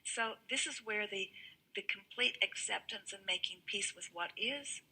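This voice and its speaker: A woman with a very bright, husky voice leads a live seminar. She calls herself "we" and stacks up rhetorical questions, leaning hard on repeated words. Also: mid-range voice, a little slow, low-quality recording. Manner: speaks as "we", emphatic and repetitive, rhetorical questions. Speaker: seminar speaker answering audience questions.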